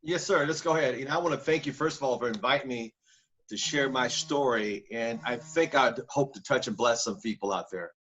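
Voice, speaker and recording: A man's voice: mid-range voice, brisk, a bit bright, slight background noise. A man from Northern California, a podcast guest telling his life story in an interview, emphatic and repeating words for stress. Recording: dull lo-fi audio.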